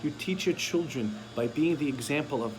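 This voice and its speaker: A man's voice: on the high side, moderate pace, background noise. A man giving a sermon as a rabbi, telling stories and acting out the voices of parents and children. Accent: Sephardic-community American English.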